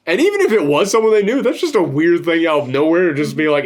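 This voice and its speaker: A man's voice: on the high side, lively intonation, fast talker. A man hosting a casual film-review chat, rambling and swearing freely. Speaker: podcast host reviewing a film.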